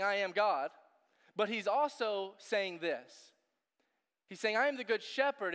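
A man's voice: sits high, fairly bright tone, smooth, in a large hall. A man preaching a sermon in a casual, joking way, full of fillers and asides. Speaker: pastor.

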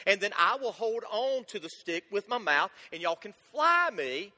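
A man's voice: high-pitched, very animated, moderate pace, bright, forceful tone, full character voice. A male preacher voicing a clever, boastful frog in a storytelling sermon. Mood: eager. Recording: long church reverb.

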